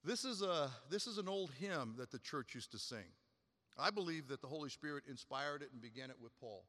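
A man preaching a sermon in a slightly raised, bright, forceful voice. He hits the stressed words loud and high, then sinks to a hushed, low tone. A long hall reverb trails after each phrase. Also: lively intonation, brisk. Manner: emphatic preaching, swinging between loud high stresses and quiet low drops. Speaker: pastor.

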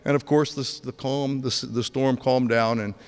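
A man in his sixties preaching a sermon, telling stories with energy and dropping to a hush for emphasis. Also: mid-range voice, moderate pace, clear, resonant tone. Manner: animated storytelling, swings from loud to hushed. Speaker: pastor. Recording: long hall reverb.

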